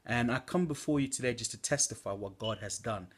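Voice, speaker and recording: Husky young man preaching earnestly. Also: mid-range voice, brisk. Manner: earnest, exhorting, with fillers. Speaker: church member giving a testimony. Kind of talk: preaching testimony to camera. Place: at home at night.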